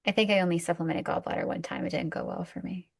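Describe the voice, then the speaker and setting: Woman, acupuncturist, husky and gravelly, low voice, lively self-mocking storytelling, casual clinical chat. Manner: animated storyteller, self-mocking, quick asides. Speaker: acupuncturist, co-host.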